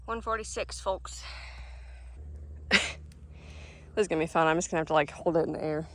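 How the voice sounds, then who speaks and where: A woman's voice: low-pitched, fairly quick, low-quality recording. A woman in her twenties, a farmer, chatting casually and upbeat to the camera outdoors on her farm, with self-mocking asides. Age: 20s. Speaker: farmer and vlogger. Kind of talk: casual vlog narration. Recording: outdoor recording with clear background noise.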